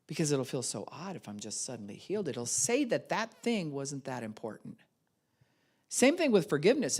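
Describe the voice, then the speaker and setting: An older woman pastor giving a sermon, telling stories and acting out the voices in them. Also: low-pitched. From United States. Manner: animated storytelling, acts out voices.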